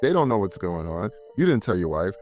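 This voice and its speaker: A man's voice: sits low, sing-song, a little fast, darkish tone, faint music behind. A young man in casual chat, animatedly retelling a horror film's plot and acting out the characters' lines. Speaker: movie podcast co-host. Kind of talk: casual movie breakdown chat.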